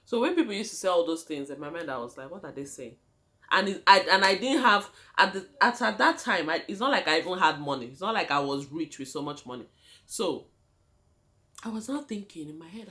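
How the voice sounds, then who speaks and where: A young Nigerian woman vlogging about her life, her voice sitting a little low. She tells her story dramatically and with plenty of life, turning to her viewers again and again. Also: fairly quick. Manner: animated, dramatic, addresses viewers as guys. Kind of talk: storytelling vlog.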